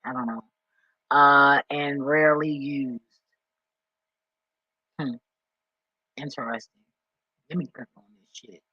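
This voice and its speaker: Man, vlogger, unscripted reaction, excitable, slow-spoken, dry close sound. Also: medium pitch, breathy edge, dry recording, dull audio. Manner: rambling, excitable, swears often.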